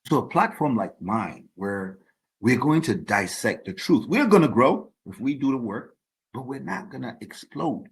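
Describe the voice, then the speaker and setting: A man's voice: medium pitch, big pitch swings, moderate pace. A man hosting his own podcast, delivering an emphatic opinion monologue and repeating words as he builds his points. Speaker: podcast host.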